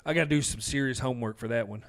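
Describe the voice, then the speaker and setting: A man co-hosting a podcast, chatting casually about movies in a relaxed, rambling way with plenty of fillers. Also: mid-range voice, very fast. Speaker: podcast co-host. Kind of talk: casual chat.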